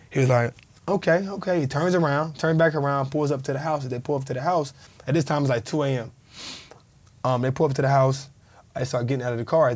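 A former pro football player in his thirties, guesting on a podcast, tells a story in relaxed conversation at a brisk clip. He's a vivid storyteller who acts out the quoted dialogue, voicing the people involved, in an ordinary middle-pitched voice.

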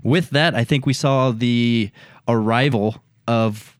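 A young man co-hosting a podcast in casual chat, speaking in a measured way and pausing to search for words. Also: mid-range voice, no room sound, clean studio sound. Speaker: sports podcast co-host.

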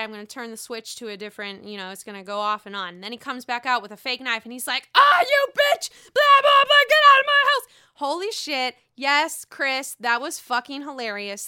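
A woman's voice: a little high, pushed and bright, smooth. A woman casually recapping a reality show, gossiping, swearing freely and often laughing.

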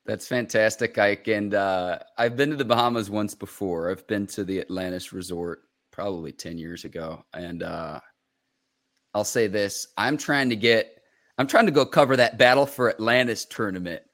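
Low-voiced man hosting a sports talk show. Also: normal speed, fairly bright tone. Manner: reads viewer questions, moderates. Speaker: show host. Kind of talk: casual chat.

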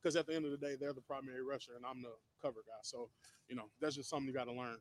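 A man, a football player, explaining his role quickly in an interview clip. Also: mid-range voice, fairly even intonation, dry recording. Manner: quick, matter-of-fact explaining.

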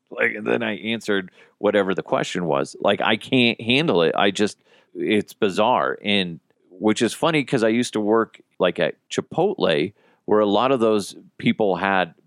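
A young man with a fairly low voice hosts a casual podcast. He tells stories in a joking, animated way. The sound is close and dry. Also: no echo. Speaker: podcast host. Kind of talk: casual chat.

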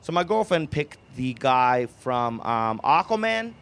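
A man's voice: mid-range voice, big pitch swings, measured pace, a bit bright, clear, resonant tone. A young man doing a stand-up comedy set in a club. He rambles and keeps laughing at his own jokes. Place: comedy club with live audience.

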